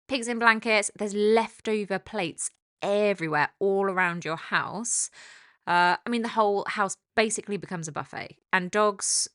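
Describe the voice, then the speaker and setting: A woman dog trainer giving a calm, explanatory talk on training, turning lively when she acts out the dog. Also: mid-range voice, no echo, studio quality. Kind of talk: instructional talk.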